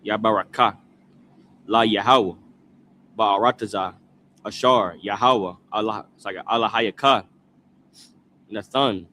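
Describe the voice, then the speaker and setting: A man reading scripture aloud slowly, sounding out each word in pieces and repeating after a prompter. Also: lowish voice, pushed and bright, slight background noise. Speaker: scripture reader.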